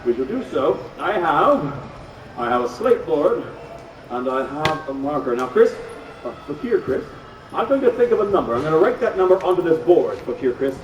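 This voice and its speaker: A man hosting a live comedy stage act, hyping the crowd in a showman's patter with deadpan asides. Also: on the high side, moderate pace, slight background noise. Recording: roomy crowd-heard live recording from far off.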